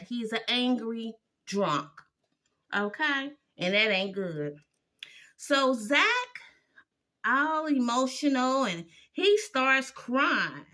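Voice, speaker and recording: A woman's voice: on the high side, expressive, takes it slowly, bright, forceful tone. A woman giving a blunt, opinionated recap of a TV episode, exasperated and sassy as she talks it through.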